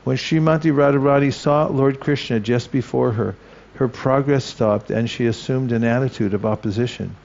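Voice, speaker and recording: A man with a gravelly, creaky voice reads a devotional text aloud, slow and careful, going back over any passage he trips on. The recording sounds dull and lo-fi. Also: medium pitch, darkish tone. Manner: slow, careful reading that pauses to correct itself. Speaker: scripture reader.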